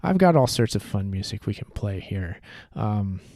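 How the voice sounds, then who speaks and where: A man hosting a podcast livestream in a relaxed, rambling way with many fillers. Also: fairly low pitch, normal speed, no room sound, studio quality. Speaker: podcast host. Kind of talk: casual livestream chat.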